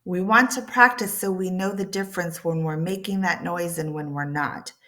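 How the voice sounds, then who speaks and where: A woman teaching an accent reduction lesson, drilling consonant sounds with slow, careful enunciation. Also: fairly low pitch, bright, forceful tone. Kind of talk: pronunciation lesson.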